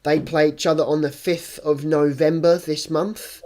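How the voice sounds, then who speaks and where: On a casual chat podcast, a young adult co-host rambles along in a slightly high, mellow voice with little pitch movement at a normal pace. He teases, hesitates, and fills his speech with lots of fillers.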